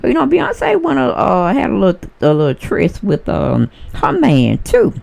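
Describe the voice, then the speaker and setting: A woman delivers a casual celebrity gossip monologue, sassy and animated, imitating the voices of people and acting out what they might have said. Her medium-pitched voice is unhurried and creaky.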